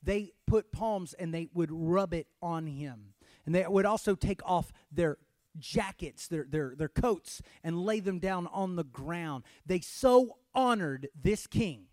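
A man preaching a sermon in church, calling on the congregation to shout and swinging from hushed lines to loud ones. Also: sits high, animated, takes it slowly, dry recording. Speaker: pastor.

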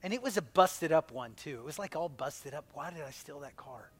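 A man in his forties preaching a sermon, impassioned, swinging between loud emphasis and a hushed near-whisper. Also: a little high, animated, brisk. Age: 40s.

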